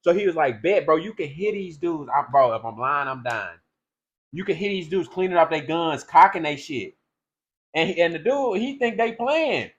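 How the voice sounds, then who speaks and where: A man co-hosting a casual podcast, telling stories in animated slang. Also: fairly high pitch. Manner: quick animated storytelling in slang. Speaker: podcast co-host. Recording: dull lo-fi mic sound.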